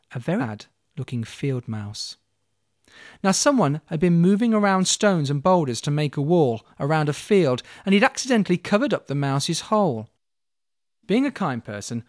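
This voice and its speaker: Lively man telling a fairy tale. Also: fairly high pitch, dry recording, clean studio sound. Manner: expressive, playful, addresses listener. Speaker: storyteller. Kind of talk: dramatic storytelling.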